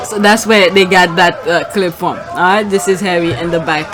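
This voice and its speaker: A woman's voice: fairly low pitch, moderate pace, a crowd in the background. A woman hosting her channel, giving casual commentary on clips and posts. She reacts aloud as she scrolls. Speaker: channel host.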